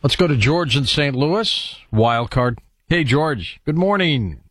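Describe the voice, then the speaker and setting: Man hosting a radio call-in show, lively pitch, dry close mic. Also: no room sound. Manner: brisk, friendly, takes calls. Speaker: radio talk show host.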